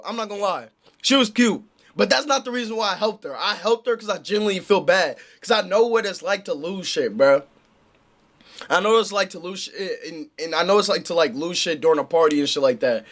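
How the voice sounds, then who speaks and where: High-voiced young man rambling in slang. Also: animated, a little fast, fairly bright tone. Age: young adult. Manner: slangy, rambling, talks to chat. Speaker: streamer. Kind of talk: casual story time on a livestream.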